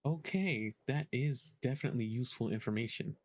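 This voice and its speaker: A man commentating a game playthrough, musing aloud, hesitant and full of pauses. His voice sits mid-range with a dry, close sound. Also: mid-range voice, no echo. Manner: hesitant, thinking aloud with many ums. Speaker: gaming streamer. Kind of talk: casual let's-play commentary.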